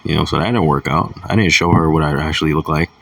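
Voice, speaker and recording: A man's voice: extremely low pitch, fast, creaky, a bit bright, recorded from a distance. A young man talking in a crude, rambling casual monologue, chuckling between thoughts. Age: young adult. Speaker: vlogger.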